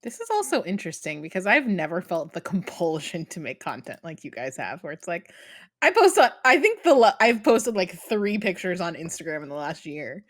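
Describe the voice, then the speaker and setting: A woman's voice: fairly low pitch, very animated, a little fast, hardly any pauses, no room sound, studio quality. A woman co-hosting a podcast in casual chat, thoughtful with many fillers. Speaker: podcast co-host.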